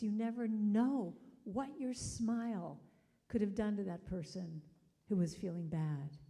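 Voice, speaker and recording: A woman giving an inspirational talk at a spiritual service, telling stories in a conversational, animated way. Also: medium pitch. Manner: conversational and animated, acting out the people in her stories. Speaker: guest speaker at a spiritual center service.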